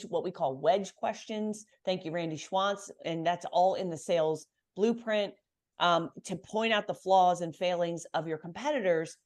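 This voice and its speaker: A woman coaching business owners on pricing and sales, talking in a brisk, emphatic, confident way. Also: lowish voice. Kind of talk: coaching call.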